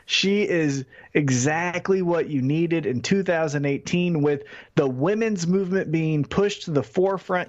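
Man, fairly high voice, measured podcast chat, dull lo-fi sound. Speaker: podcast co-host. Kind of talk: casual wrestling podcast chat. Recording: dull lo-fi audio.

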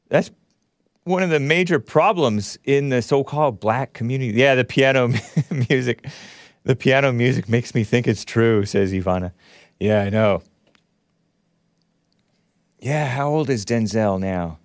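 A man's voice: medium pitch, no room sound, clean studio sound. A man hosting a call-in talk show, rambling casually with blunt opinions and frequent chuckles. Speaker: radio show host.

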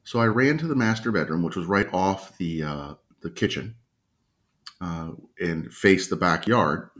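A man casually telling a personal story at home, unhurried and often clearing his throat. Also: deep voice, a bit bright. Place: at home with a dog nearby.

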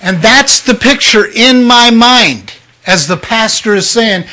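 An older man preaching a personal testimony, telling his story with emotion and sudden swings between loud outbursts and hushed moments. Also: very high voice, slow pace. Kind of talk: sermon testimony.

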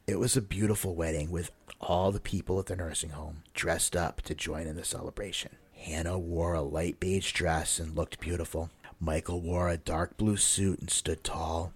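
Brief: male podcast host reading a story, deep husky voice, measured. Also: steady tone.

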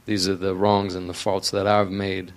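A man in a personal conversation, speaking haltingly and searching for words. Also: low voice, completely flat delivery.

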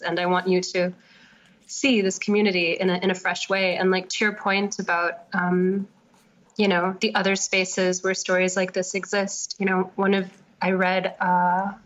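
A woman novelist being interviewed, thinking aloud in a casual, hesitant way with many fillers. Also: mid-range voice. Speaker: novelist guest. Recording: slightly dull lo-fi sound.

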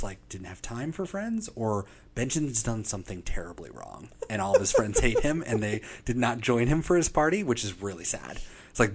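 A man's voice: medium pitch, husky. A man chatting casually and profanely as a podcast co-host, recapping a TV episode and acting out quotes in funny voices. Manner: animated, profane, acts out quotes.

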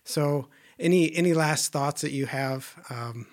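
A man's voice: on the high side, measured pace. Earnest male podcast host. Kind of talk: conversational interview.

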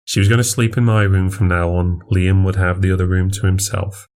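Male podcast narrator, low register, first-person horror tale, unshowy confessional delivery. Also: fairly even intonation, fairly quick, a little mellow. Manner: confessional, plainspoken.

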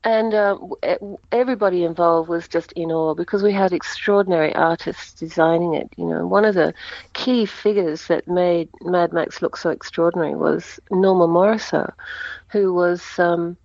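Chatty woman in her sixties from Australia, rambling happily through her stories with easy laughter. Her voice sits a little low for a woman and sounds close and dry. The sound is slightly dull and muffled. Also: steady tone, normal speed, vocal fry, a little mellow, no echo. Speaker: guest, actress. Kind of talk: casual interview over a call.

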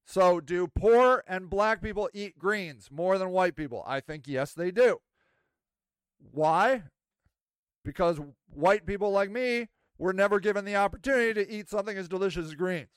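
Podcast host, man, high smooth voice, dry close sound, rambling and animated. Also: moderate pace, dry recording. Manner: rambling, self-mocking, animated. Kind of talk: casual monologue.

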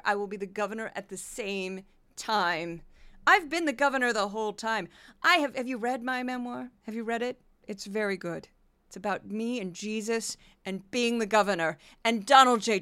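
Lady doing a full-of-herself politician, bright and polished, kinda breathy, dry close mic. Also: on the high side, lively intonation, normal speed, no echo. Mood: grandiose. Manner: grandiose, self-important, drifting into whispers. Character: self-obsessed female politician, grandiose and breathy. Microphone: close podcast mic with a sound wall.

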